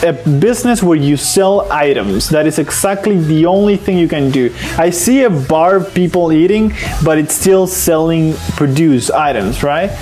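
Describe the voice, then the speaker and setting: A man co-hosting a podcast in casual chat, animated and prone to hesitant repeats. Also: a little high, moderate pace, few pauses, faint music behind. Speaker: podcast co-host.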